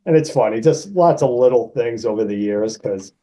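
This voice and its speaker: A man in his sixties from Massachusetts, a guest actor telling animated anecdotes and acting out the people in them. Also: normal speed, poor audio. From Massachusetts, USA. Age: 60s. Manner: animated anecdotes, raises pitch to act out quoted people. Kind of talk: casual storytelling.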